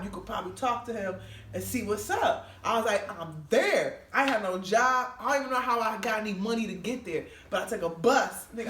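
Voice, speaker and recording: A woman with a bright, ringing voice, a little above the usual pitch, tells a comic story, laughing as she goes and throwing her voice up high when she quotes people. She sounds a bit far from the mic in an echoey room, with a faint hiss behind her. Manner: laughs often, acts out quotes with big pitch jumps. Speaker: comedian guest. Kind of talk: animated comedic storytelling.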